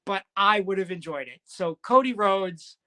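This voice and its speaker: A man's voice: sits high, animated, normal speed, sharp tone. A man co-hosting a casual wrestling recap, rambling and joking and correcting himself as he goes. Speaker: podcast co-host.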